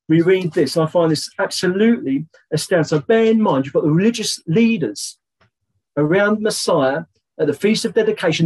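Male Bible teacher, husky and fairly high, chatty with fillers, slows down to read verses aloud. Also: poor audio. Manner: conversational, many "you know" fillers, slows down to read scripture aloud.

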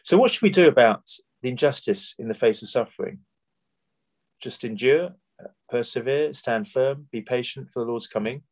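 A man's voice: medium pitch, animated, normal speed. A man from Britain giving a sermon in a conversational way, often asking his listeners rhetorical questions and restarting his phrases. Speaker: preacher.

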